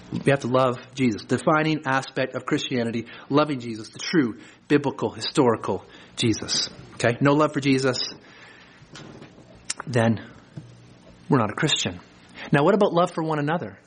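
A man preaching a sermon to his congregation, his voice a touch high and husky. He moves between quiet, deliberate passages and emphatic rising points. He talks in a church as the pastor. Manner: earnest preaching with swings from low to emphatic.

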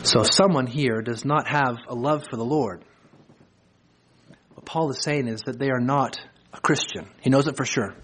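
A pastor preaching a sermon to his church, earnest, swinging between low, slow passages and emphatic high points. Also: fairly bright tone, a little hiss or hum.

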